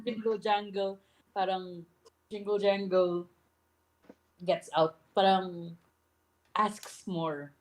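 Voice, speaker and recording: A woman's voice: medium pitch, fairly even intonation, takes it slowly, pauses often, low-quality recording. A woman with a Filipino accent narrating a tabletop game as game master, often restarting her sentences and laughing.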